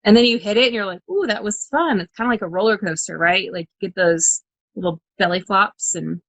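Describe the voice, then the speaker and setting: Young woman guest, expressive storyteller with frequent laughs, dry close sound. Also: on the low side, fairly quick, no room sound, low-quality recording. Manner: animated storyteller, acts out her own inner dialogue, laughs often. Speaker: monster truck driver guest. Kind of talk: casual interview chat. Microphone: video call.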